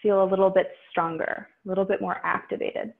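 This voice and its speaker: A woman's voice: mid-range voice, a little fast, vocal fry. Woman guiding yoga over tinny audio. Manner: calm, instructive cueing of breath and poses. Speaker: yoga instructor. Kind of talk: guided yoga class.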